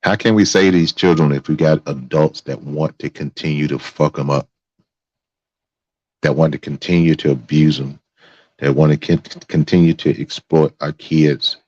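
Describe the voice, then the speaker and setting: A man's voice: a bass voice, steady tone, normal speed, darkish tone, no echo. A male host giving angry, profane live-stream commentary, repeating himself as he vents. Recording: dry, dull lo-fi sound.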